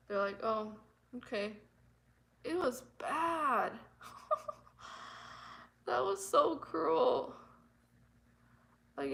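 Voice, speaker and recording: Bright-voiced woman telling a painful story. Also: mid-range voice, low-quality recording. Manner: emotional, halting, repeats herself, nervous laughs. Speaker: vlogger. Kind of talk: personal storytelling vlog.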